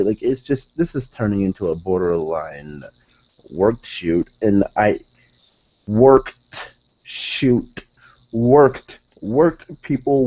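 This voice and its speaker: Here a man rants about a wrestling show, loose and rambling, swearing excitedly and frequently starting his sentences over. The sound is lo-fi, and his voice sits lowish.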